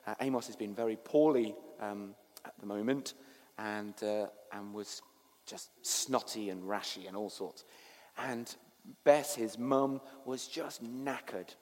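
A man preaching a sermon as pastor, telling a story that swings between hushed and animated. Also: fairly low pitch, measured pace, in a large hall.

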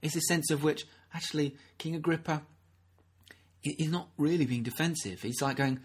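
This preacher's husky voice sits on the high side and moves at a normal speed. Earnest and conversational, he often starts his sentences over and performs the voices of those he quotes.

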